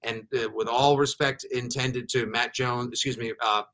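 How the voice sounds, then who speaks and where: A man hosting a casual sports chat, energetic and joking, launching into riffing rants. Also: mid-range voice, moderate pace. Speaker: podcast host.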